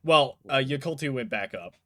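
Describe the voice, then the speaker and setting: A man's voice: mid-range voice, animated, moderate pace, a bit bright. A man narrating as game master in a casual, laughing way, swearing freely.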